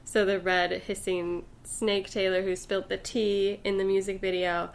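A woman's voice: medium pitch, little pitch movement, a little slow, creaky. A young woman co-hosting a casual chat, laughing often and acting out quoted lines. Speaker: co-host.

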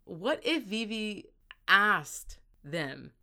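A young woman in casual book chat, animated and swearing freely as she acts out scenes. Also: mid-range voice, extremely slow. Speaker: book discussion co-host.

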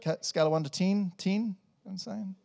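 A male pastor preaching a sermon in a church service, animated and jokey, swinging between loud and soft. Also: high voice, fast, vocal fry.

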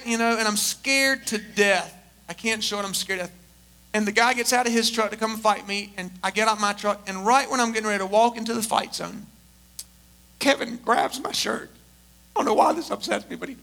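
A man's voice: very high-pitched, fairly quick, vocal fry, pushed and bright. A middle-aged male pastor preaching a sermon at a church service, emphatic and mixing in humorous storytelling.

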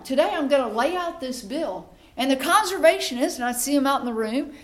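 A middle-aged woman with a drawl addresses a room of supporters in an animated speech. Her voice sits a little high, and she drops in and out of the voices of the people she quotes. She keeps building up her emphasis as she goes. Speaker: state senator. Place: meeting room with an audience.

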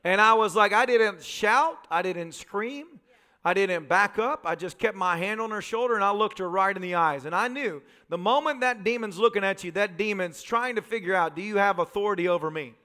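A male pastor preaching a sermon, telling vivid personal stories in quick, emphatic phrases. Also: high voice, sharp tone. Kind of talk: sermon storytelling.

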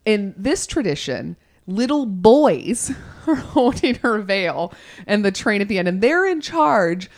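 A woman co-hosting a casual chat, telling stories in an animated way. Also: mid-range voice, slow. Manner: chatty, animated storytelling. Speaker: podcast co-host.

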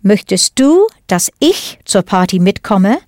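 A language teacher leads a scripted audio lesson, explaining things patiently and deliberately. Her medium-pitched voice is sing-song and a little mellow, recorded on a close studio mic with no echo.

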